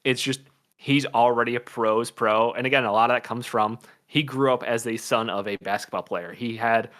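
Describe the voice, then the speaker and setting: A man co-hosting a casual sports chat with a bright, forward edge to his voice. He talks at length, weighing ideas aloud. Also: mid-range voice, steady tone, normal speed. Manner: talkative and analytical, thinks aloud. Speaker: co-host, draft analyst.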